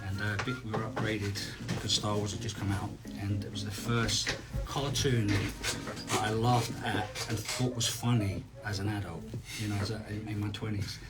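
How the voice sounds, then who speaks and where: A man from Scotland with a Scottish accent, telling stories in a relaxed, casual chat as a guest on a live signing stream, often restarting his sentences. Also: lowish voice, normal speed, over loud music. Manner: relaxed storyteller, trailing restarts. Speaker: celebrity guest.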